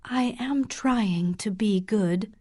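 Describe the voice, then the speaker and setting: A woman voicing a shy, troubled young woman in love, speaking quietly and subdued in an audiobook. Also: medium pitch, slow, husky.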